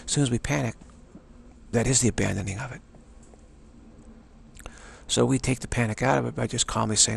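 A man's voice: mid-range voice, steady tone, fairly quick, vocal fry, pauses often, slight background noise. A man giving a meandering, informal dharma talk as a spiritual teacher, often repeating phrases like a chant.

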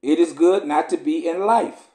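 A man's voice: on the high side, moderate pace, dark tone, natural voice. A man reading aloud the pleading lines of a male prophet in archaic scripture language. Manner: reads archaic scripture, rising pleas. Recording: roomy echo.

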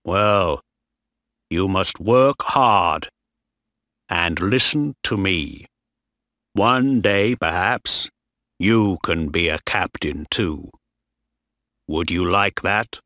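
A man's voice: deep voice, drawn-out words, pauses often, sharp tone, no room sound, studio quality, full character voice. A man voicing a strict, commanding ship captain who gives curt orders. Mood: stern.

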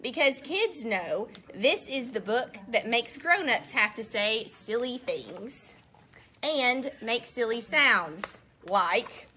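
A woman's voice: a little high, expressive, slow, sharp tone. A woman reading a children's book aloud, playfully acting exasperated and making silly sounds. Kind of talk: picture-book read-aloud.

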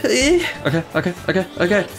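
Excitable young man commentating gameplay. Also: fairly high pitch, normal speed. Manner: excitable, yelps and gasps at plays, trash talk. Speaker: gaming YouTuber.

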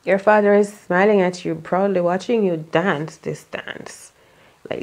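A woman's voice: medium pitch, fairly even intonation, normal speed, a little mellow. A woman giving a casual tarot reading in a rambling, chatty way, full of fillers and asides. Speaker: tarot reader.

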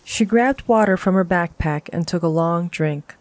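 A woman narrating a horror short story in a calm, even storytelling voice. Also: lowish voice, normal speed, dry recording.

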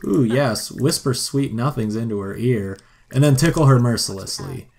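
A man's voice: mid-range voice, normal speed, creaky, darkish tone. A man giving wry, joking let's play commentary on a life-sim game. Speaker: gameplay commentator.

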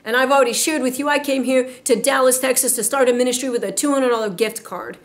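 Emphatic woman preacher, fairly high voice. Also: steady tone. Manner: emphatic, exhorting, slows down to stress points. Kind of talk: sermon.

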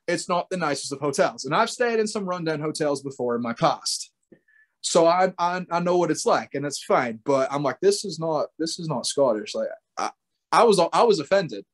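A man being interviewed as a wrestler, telling stories with animation, laughing and acting out his own remarks. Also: fairly high pitch. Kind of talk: casual interview chat.

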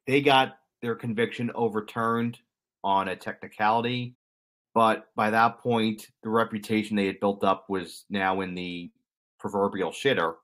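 A man's voice: on the low side, fairly bright tone. A young adult man co-hosting a podcast, explaining at length in a rambling, self-correcting way with dry humor. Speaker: podcast co-host. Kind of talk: casual explanatory chat.

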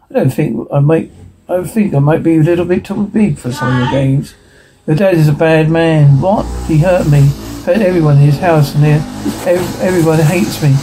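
A man reading a television episode transcript aloud, dialogue and sound cues alike, in one steady voice. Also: fairly high pitch, poor audio.

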